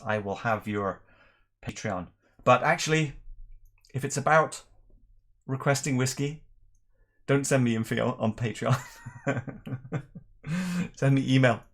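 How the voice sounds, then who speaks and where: A middle-aged man from Northern Ireland, with an accent mixed with English, hosting a relaxed whisky livestream and chatting through viewer questions. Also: mid-range voice. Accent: mixed Northern Irish and English. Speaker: whisky channel host. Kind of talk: casual livestream chat.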